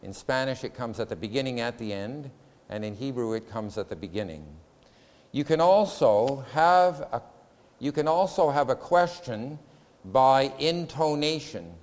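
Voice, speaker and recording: A man lecturing a class in a methodical, step-by-step way, numbering his points and pausing to question the room. His voice sits at an ordinary middle pitch. A long reverb trails behind every phrase. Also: darkish tone.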